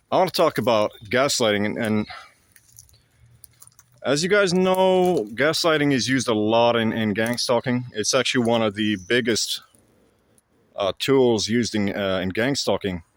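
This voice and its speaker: A male vlogger gives a casual explanatory monologue to camera, halting and blunt, full of fillers and restarts. His mid-range voice has lively intonation, and the recording is dry.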